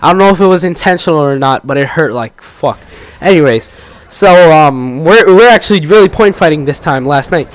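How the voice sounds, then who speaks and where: A man's voice: on the high side, expressive, fairly quick, no echo. Rambling teenage guy telling a story. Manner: rambling, lots of fillers and restarts. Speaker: gaming channel host. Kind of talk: casual storytelling commentary.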